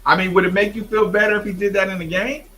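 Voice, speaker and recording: A man hosting a sports talk show, emphatic and animated, often imitating others. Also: sits high, quick pace, poor audio. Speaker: host.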